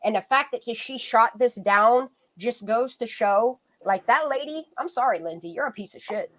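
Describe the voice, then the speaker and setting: A woman's voice: on the high side, moderate pace, a bit bright. A woman hosting a casual livestream, talking loosely and swearing freely. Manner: loose, profane, chatty. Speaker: livestream host. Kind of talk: casual live-stream chat.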